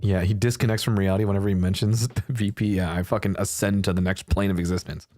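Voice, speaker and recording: A man's voice: sits low, steady tone, fast, darkish tone. A young man chatting casually on a livestream. He laughs often and swears freely. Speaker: streamer.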